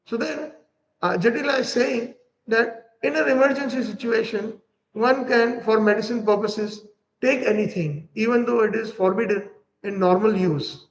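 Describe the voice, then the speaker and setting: A man's voice: high-pitched, moderate pace, gravelly, rough recording. A man giving a devotional lecture, animatedly telling a story and acting out its characters. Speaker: spiritual teacher.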